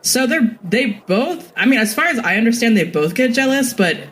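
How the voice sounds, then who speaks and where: A male podcast co-host with a notably high voice. He talks through lore in a loose, joking way, full of fillers. A faint noise sits under the recording. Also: sing-song, normal speed, a bit bright, rough recording. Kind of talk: casual podcast chat.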